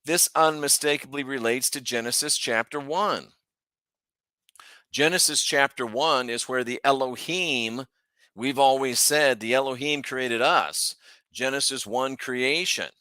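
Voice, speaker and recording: Slow, emphatic man teaching scripture. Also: medium pitch, bright, forceful tone, dry recording, clean studio sound. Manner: emphatic, rhetorical questions, thinks aloud. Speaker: host. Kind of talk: casual Bible teaching.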